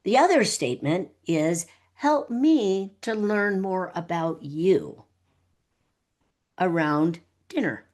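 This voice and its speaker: Middle-aged woman, podcast guest, expressive sing-song delivery, playful and frank. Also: fairly low pitch, slow. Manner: animated, laughs often, acts out dialogue. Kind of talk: conversational podcast interview.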